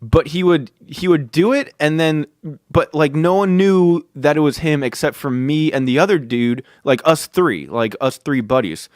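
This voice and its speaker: Fired-up podcast guy telling a story, kinda high voice, says dude a lot. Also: normal speed, no echo, clean studio sound. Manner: excitable, swears, keeps saying "dude". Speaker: podcast host. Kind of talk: casual storytelling.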